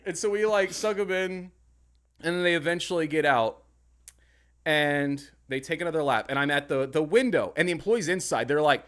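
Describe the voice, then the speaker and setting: A podcast co-host, a young man with a voice pitched a little high for a man, tells a story in casual chat at normal speed. He's animated, swears freely, and acts out his own angry outbursts.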